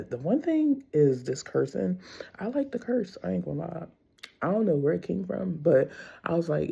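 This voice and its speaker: Husky gravelly middle-aged woman vlogger. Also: low-pitched, warm tone, muffled recording. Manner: candid and rambling, with frequent laughs. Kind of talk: casual faith talk.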